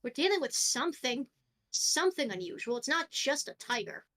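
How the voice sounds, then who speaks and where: A calm female circus boss, played by a woman, gives steady, firm orders. Her voice sits on the high side and never wavers. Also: normal speed.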